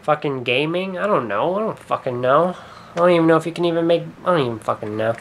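A man's voice: on the high side, animated, fast, a bit bright, slight background noise. A young man talking through a rambling vlog monologue, hesitant and swearing often, trailing off and restarting his sentences. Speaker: YouTuber.

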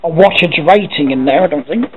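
A man's voice: on the high side, a little fast. An English man vlogging casually, thinking aloud as he goes and swearing now and then. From England. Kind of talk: casual talking to camera. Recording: tinny phone-like sound with faint noise.

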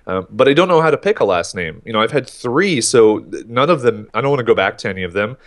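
Talking quickly in a mid-range voice, this man in his thirties recounts his own story as a podcast guest. The chat is casual, and he brings it to life by performing his thoughts aloud.

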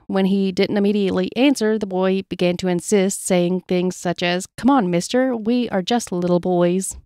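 A woman podcast co-host reads out unsettling stories in a relaxed, chatty way, laughing easily. Her voice sits at a middling pitch. The mic is close and the room is dry, with almost no echo. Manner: reads from notes, laughs easily, plays along with jokes. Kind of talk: reading paranormal stories in casual chat.

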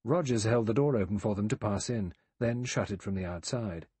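A man narrating an audiobook in a measured, even reading. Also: fairly low pitch, slightly rough, no room sound. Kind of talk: scripted narration.

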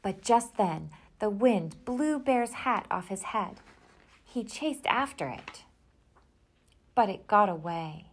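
A woman reading a children's picture book aloud in a gentle storytelling manner. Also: mid-range voice, animated, slow, breathy edge.

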